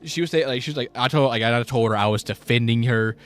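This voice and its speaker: A man's voice: mid-range voice, quick pace. A young man co-hosting a casual chat, telling a long story in a rambling way with many restarts and acting out the people he quotes. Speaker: podcast co-host.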